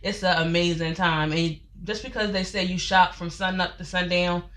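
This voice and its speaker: A woman's voice: fairly low pitch, little pitch movement, moderate pace, fairly bright tone. A woman, chatting casually on a livestream and addressing viewers as y'all, a little out of breath. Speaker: life coach and company founder.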